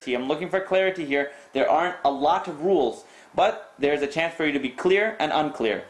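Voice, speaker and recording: A man teaching Quran recitation rules, reciting verses and repeating sounds slowly to correct students. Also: fairly high pitch, expressive, roomy sound. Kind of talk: tajweed lesson with recited demonstrations.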